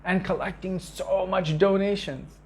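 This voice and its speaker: A man's voice: fairly even intonation, a little slow. A man giving an earnest devotional talk to disciples, telling stories with emphatic repetition and acting out quoted speech. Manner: acts out quoted speech with sharp pitch shifts. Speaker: spiritual teacher.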